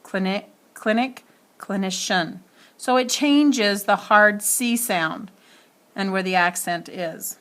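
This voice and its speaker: A woman's voice: mid-range voice, slow, fairly bright tone. A woman teacher giving a spelling lesson, speaking carefully and spelling words out letter by letter.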